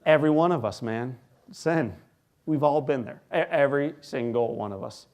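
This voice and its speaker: A man in his forties, from the United States, giving an inspirational keynote speech to a live audience in a large hall. He tells his story with dramatic pauses, dropping to a hush and then rising loud. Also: medium pitch. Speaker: keynote speaker.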